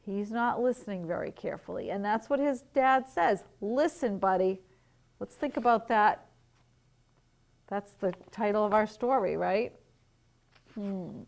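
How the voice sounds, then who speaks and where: A woman teacher reading a picture book to young children at home, gently asking questions and explaining words. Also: medium pitch, a little slow, vocal fry.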